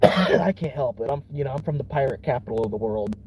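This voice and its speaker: A man's voice: medium pitch, fast talker, a little mellow, poor audio. A man from Florida, a vlogger rambling casually from his car, laid-back, chuckling often and swearing easily. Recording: car interior with vehicle noise.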